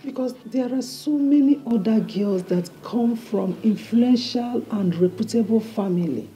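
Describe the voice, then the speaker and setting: An actress playing a royal mother who advises her son, speaking in a measured, probing way. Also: a little high, warm tone, close to an everyday voice, rough recording. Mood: advising.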